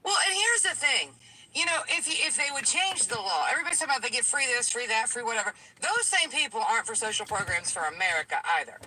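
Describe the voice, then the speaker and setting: A woman in her late forties calls in and tells her story with insistent emphasis. Her voice sits high and swings widely, with a bright, sharp edge. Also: sing-song, quick pace, a little hiss or hum, low-quality recording. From Tennessee. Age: late 40s. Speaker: caller. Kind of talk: call-in show conversation.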